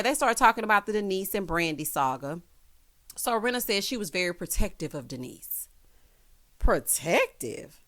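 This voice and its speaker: A sassy woman talks through a reality TV recap in a casual, gossipy way. She throws in honey and child constantly. Her voice leaps up for dramatic emphasis, in a middle register. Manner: animated swoops in pitch for emphasis.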